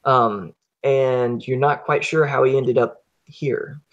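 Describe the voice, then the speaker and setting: A man narrating as game master of a tabletop horror game, talking haltingly with fillers and restarts. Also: mid-range voice, fairly even intonation, highs cut off.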